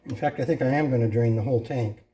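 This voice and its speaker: A man's voice: mid-range voice, dark tone, slight background noise. A man chatting casually to viewers while he works on a mower in his repair shop, correcting himself as he goes. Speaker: host fixing a lawn mower. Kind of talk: casual workshop vlog narration.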